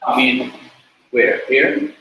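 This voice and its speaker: A man teaching a class, talking slowly and repeating words for the students to drill. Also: medium pitch, pushed and bright. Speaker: Hebrew teacher. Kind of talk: classroom lecture. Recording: very echoey room, mic far off, faint noise.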